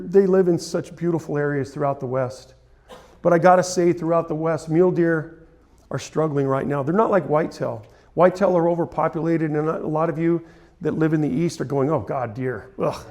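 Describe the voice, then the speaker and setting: A man's voice: fairly high pitch, a little mellow. Man telling an earnest, emotional story. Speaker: photographer giving a talk. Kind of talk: storytelling presentation. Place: conference hall.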